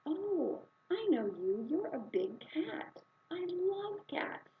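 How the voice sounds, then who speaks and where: Woman voicing a naive, eager young guy; bright-eyed and excitable, slightly dull sound. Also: very high-pitched, slow pace, recorded from a distance, a little hiss or hum, pitched above the performer's own voice, heavily acted. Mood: delighted. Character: naive young man who loves cats. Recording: slightly dull, muffled recording.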